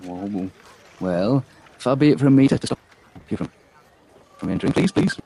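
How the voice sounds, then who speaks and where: A man's voice: mid-range voice, expressive, normal speed, vocal fry, dark tone, husky. A man doing a flustered, fawning gate guard. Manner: stammering, over-polite.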